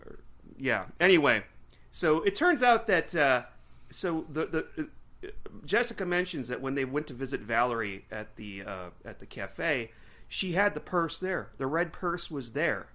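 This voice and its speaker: A man co-hosting a podcast in casual chat, rambling and animated, often slipping into silly put-on voices. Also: on the high side, unhurried. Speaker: podcast co-host.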